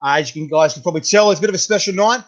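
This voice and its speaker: Australian man, host, fairly high voice, chatty slangy banter, muffled lo-fi sound. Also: very fast. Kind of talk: casual video interview.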